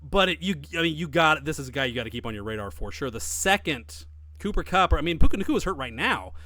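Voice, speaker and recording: A man co-hosting a podcast in casual chat, talking emphatically with lively swings in his voice. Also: quick pace, dry recording. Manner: emphatic, animated, with big swings in pitch. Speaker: podcast co-host.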